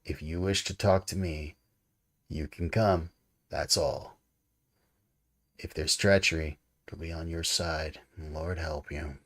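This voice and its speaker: A man reading as a stern sea captain, clipped and commanding, with a deep, low voice. He gives his orders slowly and curtly, with no warmth to them. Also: fairly even intonation, heavily acted.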